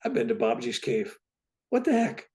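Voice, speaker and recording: A man in his seventies, a guest on a talk show, telling his own story in a lively way and often asking "right?". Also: mid-range voice, moderate pace. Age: 70s. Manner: lively, keeps tagging "right?" onto his points. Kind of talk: animated personal storytelling.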